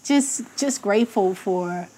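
A middle-aged woman, a guest sharing an emotional, lively personal story on a talk show and quoting the people in it. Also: mid-range voice, slow pace, slightly rough. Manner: emotional, lively storytelling with voiced quotes of her late husband. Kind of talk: casual heartfelt talk show conversation.

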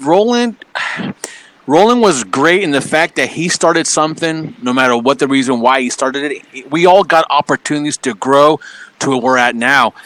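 A man with a bright, forceful, slightly high voice talks in casual chat, swearing and cutting in with emphatic comments as a story unfolds. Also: moderate pace, rough recording. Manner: emphatic, profane, interjecting. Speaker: podcast co-host.

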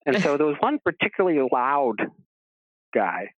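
Male radio guest calling in: slightly high voice, stammering storyteller, tinny dry phone line. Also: very animated, moderate pace, dry recording. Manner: rambling, stammering restarts, acts out quoted voices. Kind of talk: casual storytelling on a radio show.

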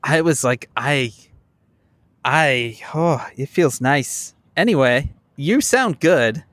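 A man's voice: mid-range voice, animated, slow pace, a bit bright, no echo. A man co-hosting a podcast over a remote call from inside his parked car, teasing and laughing. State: dehydrated. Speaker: podcast co-host. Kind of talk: casual chat.

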